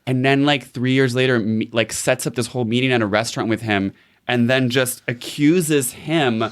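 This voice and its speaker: A man's voice: mid-range voice, normal speed, clear, resonant tone. A man co-hosting a podcast, rambling loosely through a story with lots of fillers. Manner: rambling, full of "like". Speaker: podcast co-host. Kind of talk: casual chat.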